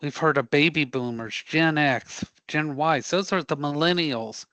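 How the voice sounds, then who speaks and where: A man teaching a live career prep class, animated and joking as he quizzes the students. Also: on the high side, a little slow, dry recording. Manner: animated, joking, audience-engaging.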